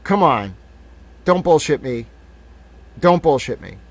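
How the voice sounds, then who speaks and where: A man's voice: on the high side, big pitch swings, slow pace, gravelly. A man in his thirties hosting a live stream, ranting in a heated, profane way. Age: 30s. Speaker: livestream host.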